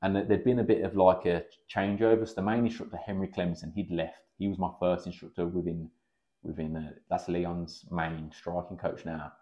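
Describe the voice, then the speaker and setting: Man, 30s, very low voice, quick chatty delivery, swears freely, lo-fi recording. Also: flat delivery, dark tone. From England. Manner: chatty, swears freely, acts out quoted dialogue. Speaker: podcast guest, kickboxing coach. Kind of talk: casual podcast storytelling. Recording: slightly dull lo-fi podcast audio.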